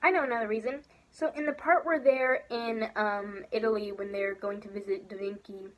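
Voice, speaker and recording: A woman's voice: medium pitch, steady tone, moderate pace. A young woman ranting on a casual vlog, emphatic and exasperated, who repeats her points for effect. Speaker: vlogger. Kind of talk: casual vlog rant about a film.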